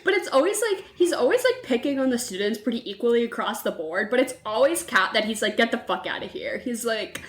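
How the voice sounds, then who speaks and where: A woman co-hosting a podcast in casual chat, animated and laughing, often acting out lines. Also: fairly high pitch, a little fast, few pauses. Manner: animated, laughing, swearing, acts out quotes. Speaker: podcast co-host. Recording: echoey room.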